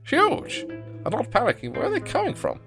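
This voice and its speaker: A man's voice: very high voice, huge pitch swings, normal speed, gravelly, fairly bright tone, faint music behind, pitched above the performer's own voice, heavily acted. A man voicing a fretful elderly mother who fusses and guilt-trips her son in a game. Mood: fussing. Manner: fussing, clingy, guilt-tripping.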